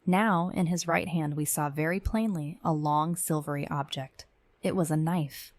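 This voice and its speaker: Woman reading a scary story first person, lowish voice, dry close sound, tense and measured. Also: no room sound. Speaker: narrator. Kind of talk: scripted first-person horror narration.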